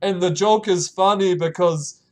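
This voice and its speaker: A man's voice: measured pace, a little mellow. A young man with a New Zealand accent chatting casually on a live stream, reading messages aloud, laughing often and stumbling over restarts. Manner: laughs often, stumbling restarts, reacts with sudden high exclamations.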